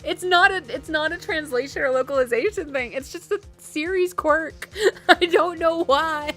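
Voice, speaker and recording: A woman's voice: high voice, normal speed, a bit bright, soft background music. A woman streaming a game, making chatty, giggly asides between reading lines. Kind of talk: casual game playthrough commentary.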